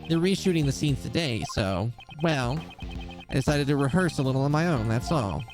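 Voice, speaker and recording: A man's voice: medium pitch, lively intonation, normal speed, soft background music, close to an everyday voice. A man voicing an easygoing, evasive young male actor who talks offhandedly. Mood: offhand.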